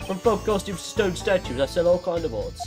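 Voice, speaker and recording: A man's voice: medium pitch, animated, rapid-fire, lightly acted. Guy doing a snooty art dealer w a goofy fake foreign accent, bossy and impatient, game music behind. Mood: haughty. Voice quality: exaggerated foreign accent, broken grammar. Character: pompous male art dealer, haughty, impatient.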